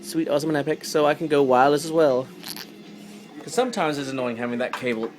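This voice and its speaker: A man casually explaining a hobby craft step by step, then chatting about his day in a relaxed vlog. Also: fairly high pitch, fast talker, faint music behind. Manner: easygoing, explains step by step with fillers. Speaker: fingerboard vlogger. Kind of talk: casual tutorial and daily vlog chat.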